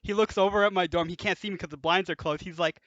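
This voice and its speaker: A young man hosting a casual podcast, telling animated stories, laughing and swearing freely as he talks. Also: high voice, fast, no room sound, muffled recording. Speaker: podcast host. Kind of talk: casual storytelling chat.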